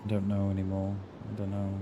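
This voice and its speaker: With game sounds in the background, a male streamer talks in a deep, monotone voice at a quick pace, and the audio sounds dull. His casual livestream chat is rambling and hesitant, with frequent repeated words.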